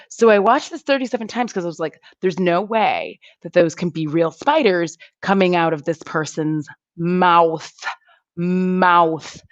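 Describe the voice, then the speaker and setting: A woman's voice: on the low side, no echo, lo-fi sound. A woman chatting casually with her viewers on a live stream, rambling and giggling between thoughts. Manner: giggly, rambling, lots of fillers. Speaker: YouTuber chatting with live chat.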